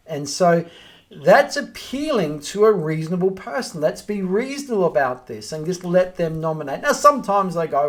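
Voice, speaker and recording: A man's voice: high-pitched, very animated, normal speed, fairly bright tone. A man coaching listeners in a direct, practical way. He walks through sample phone scripts and acts them out as he teaches. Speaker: real estate trainer. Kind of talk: instructional talk to camera.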